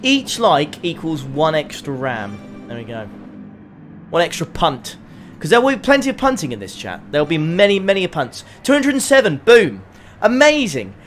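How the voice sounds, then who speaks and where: A man commentating his own sim race on a live stream, excitable and chatting to his viewers. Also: fairly high pitch, moderate pace, soft background music. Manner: excitable, laughs often, chats to viewers.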